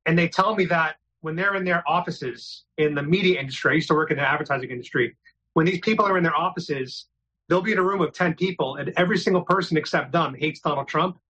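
Man, interview guest, from New York City, bright tense tone, slightly husky, earnest and matter-of-fact. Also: fairly high pitch, low-quality recording. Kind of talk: casual interview talk.

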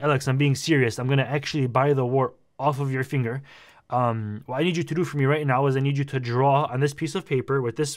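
A young man tells a personal story in a loose, casual vlog style. His voice sits a little high for a man, and he talks with lively energy and plenty of slang. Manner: animated, slangy, says "bro" a lot. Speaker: vlogger.

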